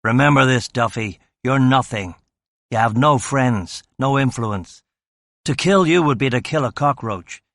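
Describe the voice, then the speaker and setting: A contemptuous American enforcer, as a male narrator puts him on, leaning on each threat. His American accent is flat and hard, the voice dry and close to the mic. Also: mid-range voice, a little slow, no echo.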